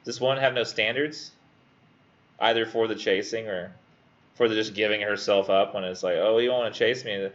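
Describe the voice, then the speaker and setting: A man's voice: fairly low pitch, highs cut off. A man presenting in a literature class, casual and sardonic, mocking the poem as he talks it through. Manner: animated, sardonic, reads verse slowly with exaggerated voices.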